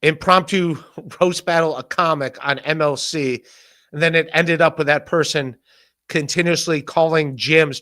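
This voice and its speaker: A man hosting a podcast, rambling in a casual solo rant, swearing, laughing often and mock-shouting the people he quotes. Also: on the high side. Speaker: podcast host.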